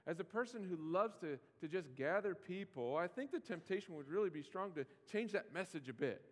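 A man's voice: high-pitched, animated, brisk, hardly any pauses. A man preaching a sermon as pastor, in a conversational style with playful mock pleading asides. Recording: long hall reverb.

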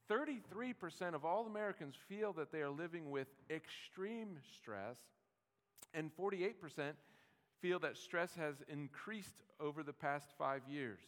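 A man's voice: on the high side, fairly bright tone. A man giving a sermon as pastor, in a conversational, easygoing way with restarts and joking asides. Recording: long hall reverb.

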